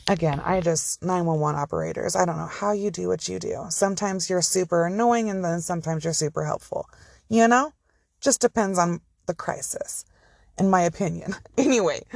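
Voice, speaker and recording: A woman's voice: mid-range voice, no echo, studio quality. A woman casually telling a true crime story from inside her car, chatty and profane with rambling asides.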